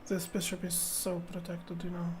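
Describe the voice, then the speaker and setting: A woman chess streamer thinking aloud as she plays, muttering to herself in halting, repeated phrases. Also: fairly low pitch, monotone, darkish tone, faint music behind.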